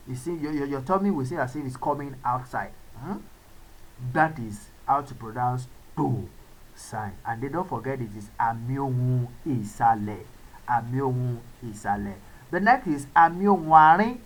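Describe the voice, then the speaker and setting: A woman's voice: sits low, animated, moderate pace, poor audio. A woman teaching a language lesson, repeating words and singing tone syllables for practice. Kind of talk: slow spoken language lesson.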